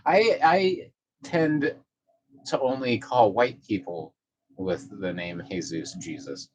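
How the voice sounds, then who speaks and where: A man's voice: medium pitch, big pitch swings, takes it slowly, slight background noise, rough recording. Profane laid-back man chatting to viewers. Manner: loose, profane, reads chat messages aloud; chats to his cat between comments. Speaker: live streamer. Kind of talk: casual live-stream chat.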